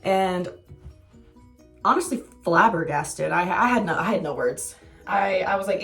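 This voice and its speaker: A woman's voice: lowish voice, a little slow, vocal fry, long pauses, faint music behind. A young woman telling a casual storytime vlog, candid and self-mocking, swearing freely. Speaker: vlogger.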